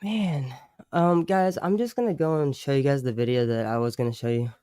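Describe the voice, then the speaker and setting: A man's voice: medium pitch, brisk, warm tone, clean tone, no room sound, studio quality. A man hosting a casual livestream chat, talking loosely with lots of fillers, swearing and chuckles. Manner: loose slangy talk, many "like" fillers, swearing; chuckles often between remarks. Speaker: livestream host.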